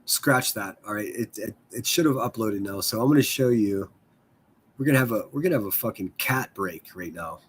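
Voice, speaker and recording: A man's voice: fairly low pitch, moderate pace, slight background noise. A man hosting a casual livestream, rambling and swearing freely as he chats with viewers. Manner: profane, rambling, self-deprecating. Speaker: livestream host.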